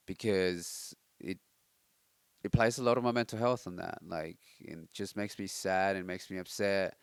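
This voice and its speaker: Young aussie guy, deep voice, late night vlog, rambly and thoughtful, throat a bit tired, dry close sound. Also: smooth, no echo. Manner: reflective, rambling, with many fillers and restarts. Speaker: vlogger.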